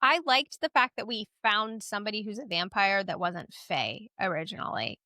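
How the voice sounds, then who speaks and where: A woman co-hosting a casual book podcast, animated, laughing easily and acting out lines. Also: medium pitch, moderate pace, dry recording, clean studio sound. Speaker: podcast co-host. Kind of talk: casual book-club chat.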